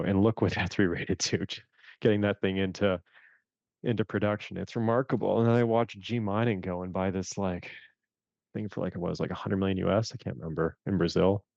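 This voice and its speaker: A man from Canada talks through investing stories in a low, gravelly voice, slipping into quoted reactions with animated energy. The sound is dry and a bit dull, with little room around it. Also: fairly quick, dry recording. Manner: animated, acts out his own reactions in quotes. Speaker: fund manager guest. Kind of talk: casual interview storytelling.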